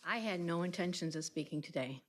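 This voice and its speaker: A woman's voice: lowish voice, fairly quick, slight background noise. A woman resident speaking at a county meeting's public comment, earnest and plainspoken.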